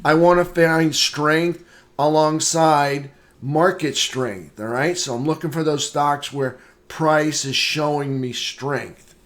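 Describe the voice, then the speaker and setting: A man's voice: on the high side, steady tone, slow pace, fairly bright tone. A man, a trading instructor, giving a live market analysis lesson, repeating points and checking in with "okay?" often. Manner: greets viewers by name mid-lesson.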